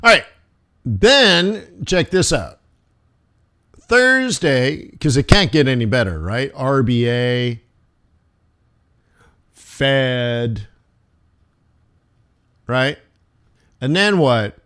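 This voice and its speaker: A man hosting a live forex trading stream, giving casual, jokey market commentary in an animated, fast-talking way. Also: mid-range voice. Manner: animated, jokey, talks fast with laughs and asides.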